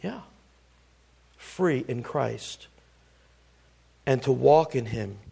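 A man's voice: medium pitch, creaky, a little mellow, slightly rough. A middle-aged man preaching a sermon, quoting scripture and firing rhetorical questions at his congregation.

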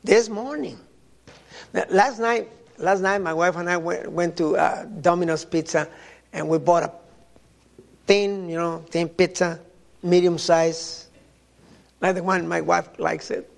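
Halting older man preaching, gravelly. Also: high voice, fairly even intonation. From Mexico. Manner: halting, repeats words, storytelling. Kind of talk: sermon.

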